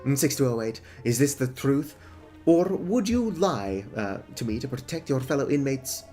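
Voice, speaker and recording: A man's voice: medium pitch, sing-song, normal speed, mellow, faint music behind, natural voice. A man voicing a pompous male prison warden in a game, who speaks with mocking, grandiose formality.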